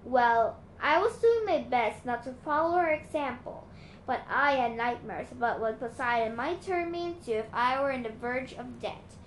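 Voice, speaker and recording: A woman with a fairly high voice reads a novel aloud in a plain storytelling manner, now and then stumbling over a word. Her voice echoes around the room, and a faint hiss sits under it. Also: animated, normal speed. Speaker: reader.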